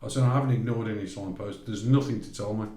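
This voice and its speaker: Quick-paced and lowish, this podcast guest from Great Barr in England recounts a travel story in a roomy, echoing recording. He animatedly performs both sides of each conversation in quoted voices, in casual anecdote style.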